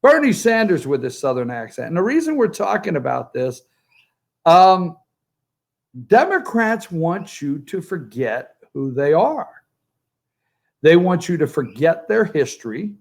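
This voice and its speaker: A man's voice: a little high, sing-song, unhurried, vocal fry. A man giving joking, sarcastic political commentary from a remote spot by a pool. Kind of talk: opinionated political talk. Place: outdoors by a pool, remote from the studio.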